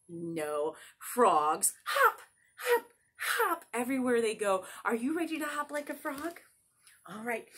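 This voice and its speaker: A woman leading a children's story time, talking in an animated, coaxing way to small kids. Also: a little high, husky.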